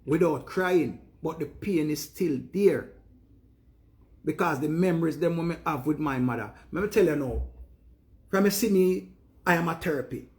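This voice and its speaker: A man's voice: fairly high pitch, moderate pace. A man with a Jamaican accent giving an earnest, preachy monologue in Patois to his viewers. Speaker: live streamer.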